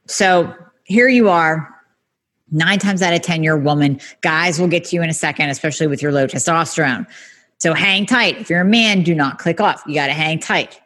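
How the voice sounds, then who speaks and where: A woman hosting a health podcast, giving a lively solo talk straight to her listeners, with some mild swearing. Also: low voice, normal speed. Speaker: podcast host, functional medicine practitioner. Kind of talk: podcast monologue.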